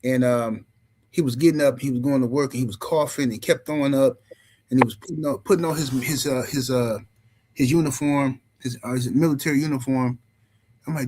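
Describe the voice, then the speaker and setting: A man hosting a podcast, telling stories in an animated way and swearing freely. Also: mid-range voice, brisk, slight background noise, poor audio. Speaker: podcast host. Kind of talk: podcast commentary.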